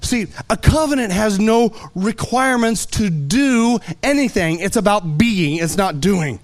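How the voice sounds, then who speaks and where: A man preaching a sermon, animated and playful, telling everyday stories with lively asides. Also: high-pitched, measured pace, few pauses. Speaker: pastor.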